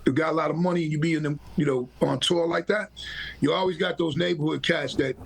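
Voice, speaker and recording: A man's voice: a little high, fast, gravelly. A man on a podcast telling loose, rambling stories in casual chat, full of slang. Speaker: podcast host.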